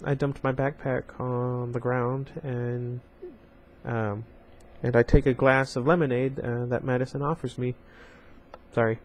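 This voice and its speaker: A man's voice: medium pitch, little pitch movement, measured pace. Man reading a novel aloud, with chatty asides. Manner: reads the story plainly, breaking off for chatty asides to viewers. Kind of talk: casual story read-aloud with asides.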